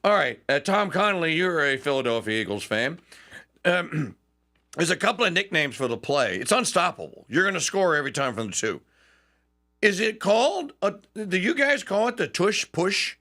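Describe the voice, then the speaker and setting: Lively, bright-voiced talk radio host, a man. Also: a little high, normal speed. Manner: chatty, laughs often, mimics quotes animatedly. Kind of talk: casual talk radio commentary.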